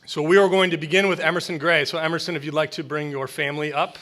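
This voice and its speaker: A man, a school administrator, hosting an awards ceremony in an earnest, partly unscripted speech with filler pauses. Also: fairly high pitch, fairly even intonation, a bit bright.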